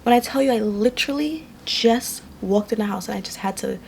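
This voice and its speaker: Woman vlogger, fairly high voice, worn out, tells a personal story to camera, leans on repetition for emphasis. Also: brisk, vocal fry, darkish tone, a little hiss or hum. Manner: emphatic, repeats lines for effect. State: tired. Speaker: vlogger and makeup artist.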